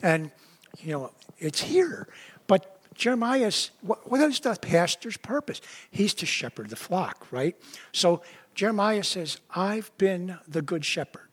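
A man's voice: high voice, big pitch swings, measured pace, a bit bright, slightly rough. A man who is a pastor, giving a conversational sermon, often checking in with "right?" and "you know", and acting out quoted voices with sudden rises.

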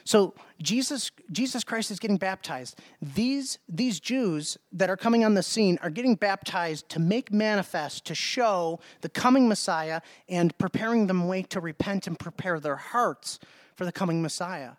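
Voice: mid-range voice, expressive, normal speed, no room sound. A preacher giving a sermon, speaking emphatically, asking rhetorical questions and repeating words.

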